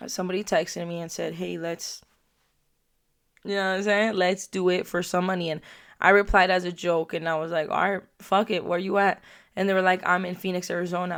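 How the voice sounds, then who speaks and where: Young female vlogger, profane comic storyteller, brash delivery with loud spikes. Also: fairly low pitch, level tone, brisk. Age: young adult. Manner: brash, profane, loud bursts and put-on mocking quotes. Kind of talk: crude comedic storytelling.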